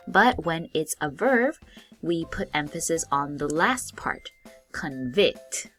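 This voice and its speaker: A woman with a somewhat low voice gives a vocabulary lesson at a slow, careful pace. She explains each word patiently in simple terms for learners. Faint music runs underneath. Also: a bit bright. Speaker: English vocabulary teacher. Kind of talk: slow, clear classroom explanation.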